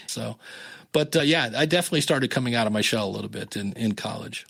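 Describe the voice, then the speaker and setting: A man's voice: mid-range voice, quick pace, vocal fry. A man in his fifties, a podcast guest telling stories in a casual interview, acting out the people he quotes. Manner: animated, acts out quoted dialogue.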